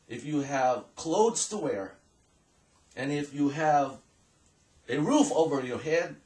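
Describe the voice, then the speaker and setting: Pastor guy preaching real slow, kinda high voice, mic far off in an echoey church. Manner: measured preaching, reading scripture aloud. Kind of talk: sermon. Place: church hall. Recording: echoey room, voice from a distance.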